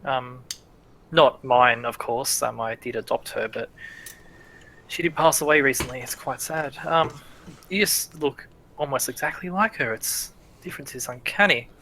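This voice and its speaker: A man voicing a flattering, deceitful male noble businessman who talks in a courtly, hesitant way. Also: mid-range voice, moderate pace, slight background noise, rough recording. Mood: smooth flattery. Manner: courtly, hesitant with many ums.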